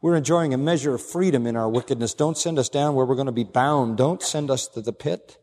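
A man voicing a terrified male demon who begs not to be tormented, his voice pushed high and frantic. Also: fairly quick, darkish tone, close to an everyday voice. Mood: begging. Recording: long hall reverb.

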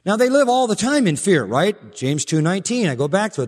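A male pastor preaching a sermon emphatically, with rhetorical questions and low, pointed stresses. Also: big pitch swings, fairly quick, a little mellow. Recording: preached in a hall with long reverb.

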